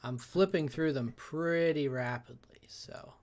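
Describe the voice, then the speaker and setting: A man's voice: a little high, unhurried, darkish tone. A man hosting a game playthrough in casual chat, slipping into whispered asides. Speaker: let's play host.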